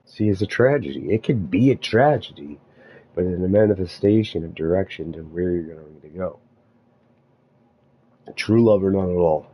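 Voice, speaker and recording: A man musing aloud in a meandering spiritual monologue, halting often and restarting his thoughts. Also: sits low, lively intonation, slightly rough, highs cut off.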